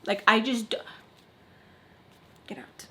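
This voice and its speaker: A woman's voice: fairly high pitch, slow. A young adult woman vlogger telling a personal story in a casual, chatty way, full of fillers, with a blunt, frustrated edge. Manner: chatty, filler-heavy, animated retelling. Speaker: beauty vlogger.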